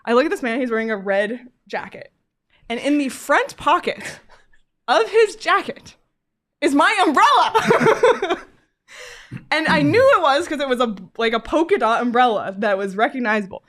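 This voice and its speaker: Woman, sports-podcast co-host; high, laughing, chatty storyteller. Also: normal speed. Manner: animated, laughs often, frequent fillers. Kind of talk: casual chat, storytelling.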